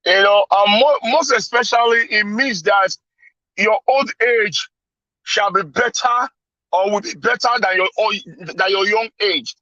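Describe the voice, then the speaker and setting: A Nigerian man with a high, bright voice calls in and explains things earnestly. His voice comes through a dull, dry line with no room sound. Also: measured pace, no echo. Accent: Nigerian English. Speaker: caller on a live talk show. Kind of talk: casual call-in chat.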